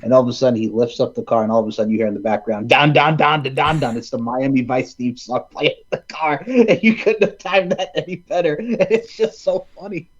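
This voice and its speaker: A man hosting a casual film chat, excitedly retelling scenes and quoting lines in funny voices. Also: mid-range voice, brisk, hardly any pauses, muffled recording. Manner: animated, quotes movie lines in funny voices. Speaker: podcast host.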